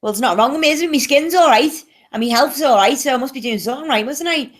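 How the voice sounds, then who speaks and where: A chatty woman with an English accent and a high, light voice. She talks in a loose, casual way and coos gently now and then. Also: quick pace. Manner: chatty, coos softly to her pet. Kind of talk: casual chat.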